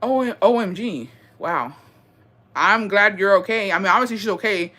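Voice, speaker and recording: A young woman hosting and reading viewer stories in a casual, animated chat, swearing freely and mixing in Spanish words. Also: medium pitch, normal speed. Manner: bursts of laughter and dramatic reactions.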